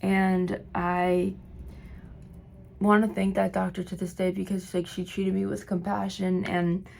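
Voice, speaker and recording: A woman vlogging while doing her makeup, telling a long personal story in a rambling, filler-heavy way, her voice slightly hoarse. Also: medium pitch, level tone, measured pace, darkish tone, slight background noise. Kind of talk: get-ready-with-me storytime.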